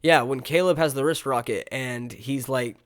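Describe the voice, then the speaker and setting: A man co-hosting a casual movie review podcast, retelling scenes in an animated way and filling his talk with "like.". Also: medium pitch, normal speed. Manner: animated retelling, heavy use of "like". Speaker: podcast co-host.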